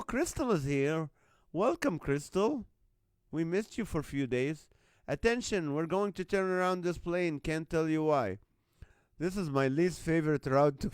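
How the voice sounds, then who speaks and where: A man's voice: a little high, smooth, dry recording, clean studio sound. A man hosting a live stream, reading out viewers' jokes and laughing often between lines. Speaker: host.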